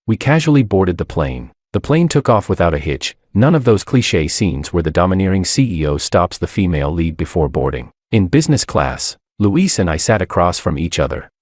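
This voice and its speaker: A man narrating a first-person romance story in an expressive, animated reading, close to the mic. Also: low voice, no room sound.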